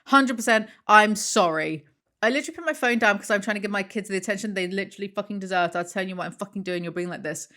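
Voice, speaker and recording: Sarcastic woman reacting to Reddit posts. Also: mid-range voice. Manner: sarcastic, swears freely, reads messages aloud in flat deadpan. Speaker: YouTuber reading Reddit posts. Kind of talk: casual reaction commentary.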